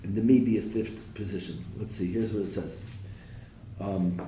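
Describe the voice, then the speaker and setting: Man, Torah teacher, live class, quotes Hebrew and translates, asks the students questions, mellow tone, echoey room. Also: on the low side, steady tone, moderate pace, recorded from a distance. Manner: slips in jokes. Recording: echoey room with faint noise.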